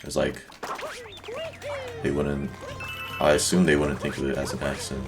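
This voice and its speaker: Over loud game music, a young speedrun streamer rambles to his viewers in a very deep, completely flat voice with vocal fry. He keeps a measured pace in this casual chat and leans heavily on "like" as filler.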